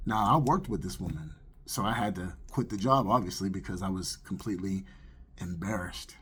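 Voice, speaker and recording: A man's voice: low voice, moderate pace, fairly bright tone, husky. A man earnestly sharing his personal faith testimony in a conversational, storytelling way. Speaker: testimony speaker.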